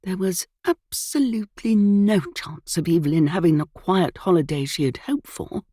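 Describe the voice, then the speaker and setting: A woman narrating a cozy mystery audiobook with lively, expressive storytelling. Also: on the low side, moderate pace, no room sound, clean studio sound.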